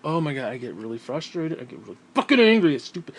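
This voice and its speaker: A man's voice: on the high side, very animated, quick pace, a little hiss or hum. A man delivering an angry, profane vlog rant, irritable and sighing heavily between outbursts. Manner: profane, irritable, heavy sighs. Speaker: vlogger. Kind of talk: angry ranting monologue.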